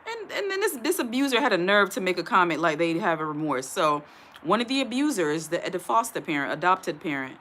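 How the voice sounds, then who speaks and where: A woman's voice: fairly low pitch, very animated, a little fast, fairly bright tone. A young woman from Ohio giving blunt, emphatic commentary while reading a news article aloud to her viewers, stumbling over the text now and then. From Ohio, USA. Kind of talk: casual commentary.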